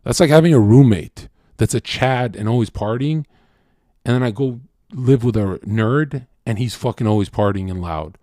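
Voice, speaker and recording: A man's voice: mid-range voice, moderate pace, warm tone, dry recording, clean studio sound. A man hosting a stream, ranting in a crude, profane monologue and asking "right?" again and again. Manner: mock-quotes people in sudden voice swings. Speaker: streamer host.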